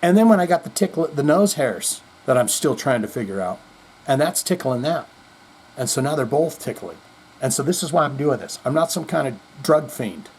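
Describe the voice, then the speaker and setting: A man's voice: medium pitch, sing-song, normal speed, slightly rough. A middle-aged man hosting a podcast, rambling in casual chat with self-deprecating jokes. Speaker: podcast host.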